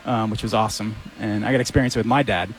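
A man's voice: fairly low pitch, fairly even intonation, quick pace, soft background music, poor audio. A man co-hosting a sports radio show, chatting about games in an easygoing, reassuring way. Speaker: radio co-host. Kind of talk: casual sports chat.

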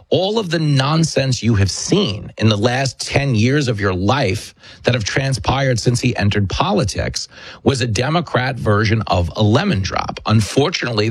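Husky-voiced combative male talk host. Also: medium pitch, dry recording. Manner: combative, emphatic storyteller. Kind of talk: political commentary monologue.

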